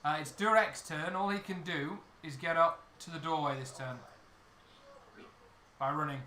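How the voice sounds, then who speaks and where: A man with a high, bright voice narrates a tabletop game as its master. He talks in an easy, halting way, with fillers. The sound is roomy, with faint hiss behind him. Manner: relaxed, hesitant with fillers, laughs while narrating. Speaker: dungeon master. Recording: echoey room with faint noise.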